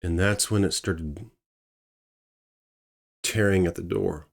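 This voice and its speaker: A man telling a true story in a casual, animated way, swearing and acting out the scenes. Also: deep voice, slow pace, vocal fry.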